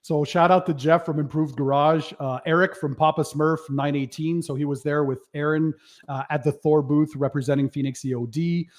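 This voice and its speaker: A man hosting a casual livestream, running through a friendly list of shout-outs in an easygoing way. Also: a little high, steady tone, normal speed. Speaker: livestream host, detailing channel owner.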